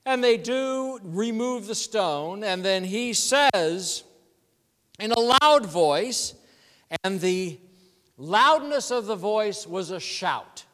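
Man, pastor, sermon, high voice, slow delivery, long hall reverb. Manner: conversational, animated storytelling preacher.

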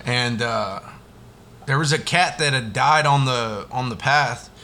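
A man's voice: medium pitch, unhurried, sharp tone. A man co-hosting a podcast, telling stories bluntly with a lot of swearing. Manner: blunt, profane storytelling. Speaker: podcast co-host. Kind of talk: casual podcast chat.

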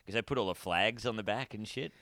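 A man's voice: fairly low pitch, fast, sharp tone, dry recording, studio quality. An Australian man co-hosting a podcast in casual chat, laid-back and rambling, swearing freely. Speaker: podcast co-host.

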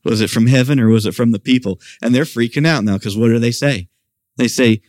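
Speaking fairly quickly, a middle-aged man gives an animated sermon at a church service. His voice rests at an ordinary pitch but rises when he voices the questions he quotes. The audio is close and dry, with hardly any room echo.

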